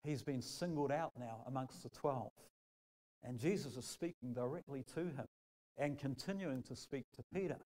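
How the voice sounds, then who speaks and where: Nz pastor guy preaching, tells stories, does little voices for quotes, mid pitch. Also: normal speed, poor audio. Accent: New Zealand. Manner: lively storytelling preacher, acts out quotes. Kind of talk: sermon.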